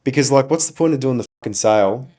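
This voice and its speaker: A man's voice: medium pitch, quick pace, dark tone. A man, co-hosting a casual business podcast, ranting and swearing freely as he tells stories. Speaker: podcast co-host, business owner.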